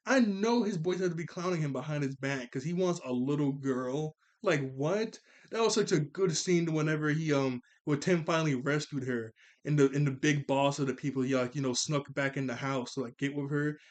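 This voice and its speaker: A man with a slightly high voice talks through a film he watched, in a loose, rambling way. He gets excited and keeps correcting himself as he goes. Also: brisk, hardly any pauses. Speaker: movie reviewer. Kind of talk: casual movie recap.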